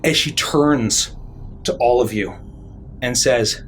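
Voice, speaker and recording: A man's voice: medium pitch, slow pace, long pauses, slight background noise. A man narrating as dungeon master, describing scenes vividly with frequent fillers. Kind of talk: narrating a tabletop game.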